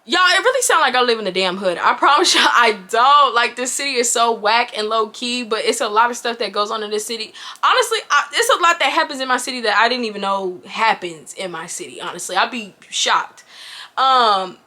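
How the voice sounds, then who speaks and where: A woman in her twenties telling a casual storytime to her viewers, animated and chatty, talking straight to the audience. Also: on the high side, fairly quick. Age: 20s. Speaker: YouTuber.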